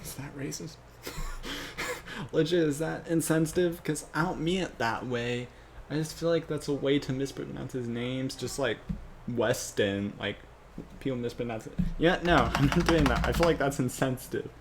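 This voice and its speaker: A man muses aloud to himself, in a mid-pitched, everyday voice, asking himself questions as he works. His talk is loose and unscripted, with faint hiss behind it. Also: moderate pace. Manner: muttering to himself, self-questioning. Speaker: fan scriptwriter. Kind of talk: thinking aloud while writing.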